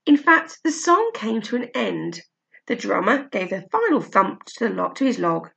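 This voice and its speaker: Woman with a creaky voice reading a story. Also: mid-range voice, normal speed. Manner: steady, expressive storytelling. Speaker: narrator.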